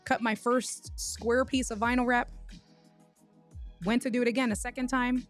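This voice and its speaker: Lively woman host chatting with her viewers. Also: fairly high pitch, faint music behind. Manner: animated, greets chat viewers by name; tells stories with quick restarts. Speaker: livestream host. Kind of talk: casual livestream chat.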